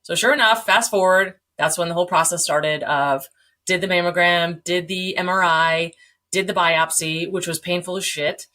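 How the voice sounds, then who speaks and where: A woman in her forties telling her story as a podcast guest, animated, acting out quoted dialogue, swearing and laughing along the way. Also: lowish voice, normal speed. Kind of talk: candid storytelling.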